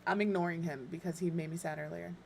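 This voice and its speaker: A woman's voice: on the low side, fairly even intonation, fast, creaky, a little hiss or hum. A middle-aged woman chatting casually on a live stream as she builds in a life-sim game, talking to her cat and to viewers with self-deprecating humor. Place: home room.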